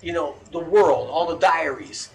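A man's voice: a little high, unhurried, gravelly. A man hosting a casual podcast chat, ranting animatedly and swearing a lot.

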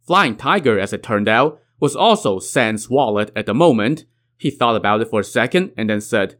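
A man's voice: mid-range voice, expressive, moderate pace, a bit bright. A man retelling a classic tale with wry, conversational asides. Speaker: storyteller.

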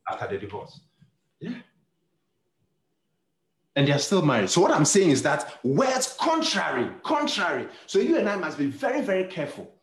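A man's voice: on the high side, huge pitch swings, moderate pace, long pauses, reverberant. A male pastor preaching a sermon, telling stories and acting out the dialogue, with many repeated words and restarts. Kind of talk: sermon storytelling.

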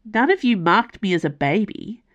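A woman reading aloud, voicing a stubborn young man who answers a god with defiance, pitched a little higher and pressing. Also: big pitch swings, normal speed, close to an everyday voice. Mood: defiant.

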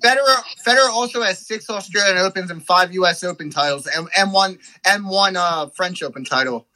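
A man with a high, bright, forceful voice argues sports in a heated back-and-forth. He sounds exasperated and insistent, and he keeps interrupting to press his case. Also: brisk, rough recording.

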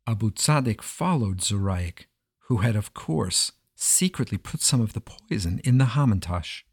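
A man's voice: lowish voice, normal speed, husky, no echo. Man telling a story, dry recording. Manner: expressive, dramatic reading. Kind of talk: storytelling narration.

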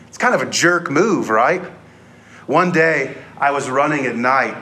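A man preaching a sermon, telling a story with lively shifts and acting out quoted voices. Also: fairly high pitch. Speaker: pastor.

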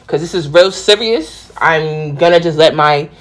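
A woman's voice: low-pitched, unhurried. A young woman from the Bronx with a thick New York accent, hosting a casual solo podcast in a slangy, rowdy way. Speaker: podcast host.

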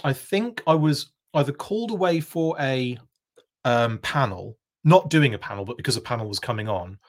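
A British man with a medium-pitched voice and lively intonation hosts a casual live-stream chat at a moderate pace. He tells a lengthy, meandering anecdote packed with tangents.

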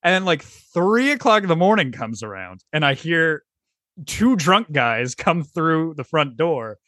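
Lively young man telling a story. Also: fairly high pitch, measured pace, no room sound, clean studio sound. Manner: rambling, animated, swears freely, acts out friends' voices. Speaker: podcast host. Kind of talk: casual storytelling chat.

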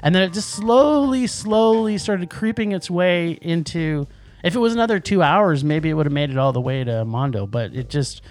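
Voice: mid-range voice, normal speed. A podcast co-host reviewing movies in casual chat, enthusiastic and rambling, often restarting sentences.

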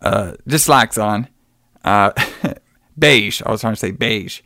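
A man's voice: lowish voice, takes it slowly, sharp tone, no room sound, clean studio sound. A man hosting a podcast, retelling a show in a rambling, laughing, swearing chat. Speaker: podcast host.

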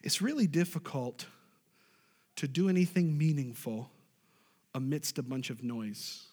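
Pastor, male, high voice, emphatic call-and-response preaching, hall reverb. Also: a little slow, dark tone, husky. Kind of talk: sermon.

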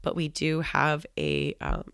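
A woman's voice: low-pitched, very animated, slow pace, vocal fry, a bit bright, smooth, no echo, studio quality. A woman co-hosting a podcast, talking in an upbeat, chatty way with fillers and laughs. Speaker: podcast co-host. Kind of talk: casual podcast chat.

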